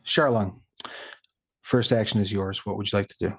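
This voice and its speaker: A man running a tabletop game as game master, talking in a relaxed, chatty way with plenty of fillers. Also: lowish voice, normal speed.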